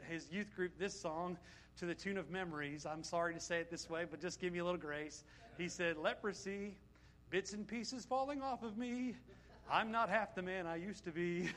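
A man's voice: high-pitched, pushed and bright, slight background noise. A middle-aged man preaching a sermon, emphatic and full of rhetorical questions to his congregation.

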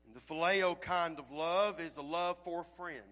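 A male pastor preaching a sermon with folksy phrasing, swinging from loud calls to quiet, low passages. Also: fairly even intonation, normal speed.

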